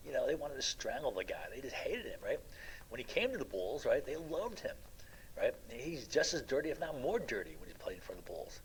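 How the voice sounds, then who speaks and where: A man's voice: medium pitch, a little hiss or hum, poor audio. A middle-aged man giving an informal classroom lecture, rambling through anecdotes with many fillers and a constant "right?". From United States. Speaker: college lecturer.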